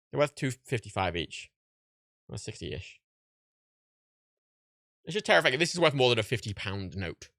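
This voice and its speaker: A man's voice: mid-range voice, sing-song, moderate pace, long pauses, sharp tone, dry recording. A young man, tired and rambling, swearing and laughing at himself on a casual livestream. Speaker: livestream host.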